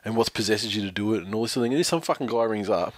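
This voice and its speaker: An Australian man with a fairly low voice, recorded close and dry with no room sound. He co-hosts a casual podcast, swearing freely and rambling through anecdotes, laughing as he goes. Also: rapid-fire, no room sound. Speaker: podcast co-host. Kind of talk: casual chat.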